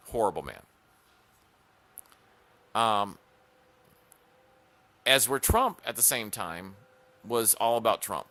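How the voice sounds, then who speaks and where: A man's voice: on the low side, sharp tone. A man hosting a talk show, giving an emphatic opinion monologue that tells stories and repeats key phrases for punch.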